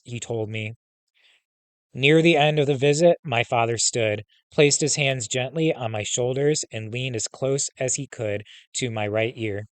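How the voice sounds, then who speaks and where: A man's voice: mid-range voice, moderate pace, clear, resonant tone, no echo. Man reading a memoir aloud. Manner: plain first-person reading with brief casual asides.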